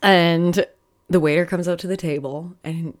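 A woman's voice: on the low side, steady tone, normal speed. A young woman hosting a podcast, telling frank, profane dating stories in a casual way and laughing often. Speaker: podcast host. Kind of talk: casual storytelling monologue.

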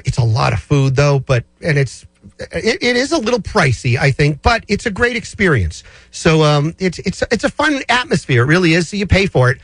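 Chatty husky-voiced man on the radio. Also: a little high, no room sound. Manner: chatty, rambling, with many fillers and restarts. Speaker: radio show host answering listener finance questions. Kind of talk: casual radio chat.

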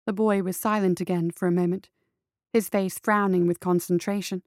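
A woman narrating a story in a steady, measured reading voice. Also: fairly low pitch, no echo, studio quality.

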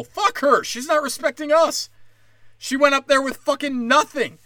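A man's voice: very high voice, lively intonation, a little slow, pauses often, pushed and bright, no echo, clean studio sound. A man with a New York accent, a stand-up comic, ranting profanely and aggressively on his late-night podcast. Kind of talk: angry podcast rant.

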